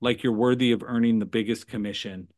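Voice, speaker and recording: A man talking as a sales trainer guest in a podcast conversation, animated and punctuating points with "right?" and "okay?". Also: medium pitch, a little fast. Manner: animated, acts out phone calls in put-on voices.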